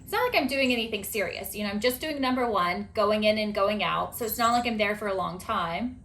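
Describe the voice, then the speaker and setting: A woman hosting a podcast in casual chat, chatty and animated with lots of filler words. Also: medium pitch, brisk. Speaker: podcast host.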